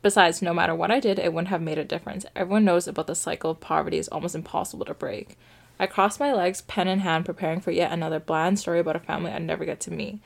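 Low gravelly young woman reading aloud. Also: fairly even intonation, quick pace. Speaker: podcast co-host reading a story. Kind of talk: casual story reading.

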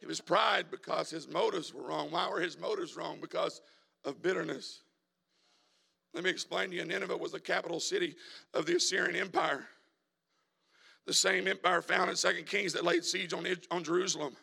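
Raspy, high-voiced preacher swinging to shouts. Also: male voice, steady tone, normal speed. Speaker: evangelist preacher. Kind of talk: sermon. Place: church sanctuary.

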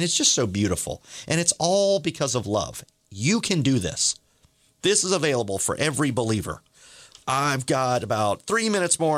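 A man's voice: mid-range voice, fairly bright tone, no echo, studio quality. A middle-aged man hosting a faith podcast, telling stories in an earnest, eager way. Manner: earnest, eager, acts out quoted dialogue. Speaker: podcast host. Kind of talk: testimony storytelling.

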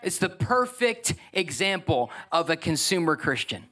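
Brief: male pastor, high voice, emphatic sermon delivery into a stage mic, church setting. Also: big pitch swings, measured pace, sharp tone. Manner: earnest, emphatic preaching with frequent restarts. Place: church, speaking to a congregation. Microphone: handheld or stage microphone.

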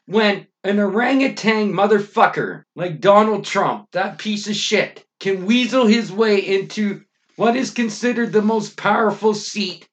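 A high-pitched middle-aged Canadian man hosts a podcast, ranting furiously at a slightly slow pace. His monologue is thick with constant profanity and emphatic outbursts.

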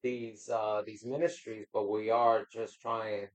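A man who is a guest on a casual faith podcast, speaking in a halting, preachy way and repeating words. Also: lowish voice, level tone, lo-fi sound.

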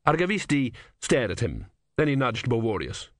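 A man reading a novel aloud as an audiobook narrator, telling the story in a wry, measured way. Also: mid-range voice, very animated, dry recording. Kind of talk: scripted narration.

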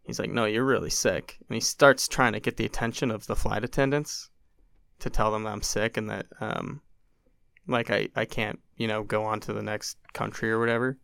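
Recorded with clean studio sound and no room tone, a young man on a podcast tells an extended story at a moderate pace. His smooth, lowish voice carries vocal fry, and he's lively, voicing others' quotes and peppering it all with "like."

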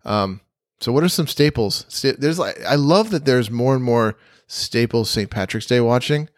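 A male podcast co-host chats casually, playfully teasing as he talks. His voice is medium-pitched and moderately paced, and the studio-quality recording has no room sound.

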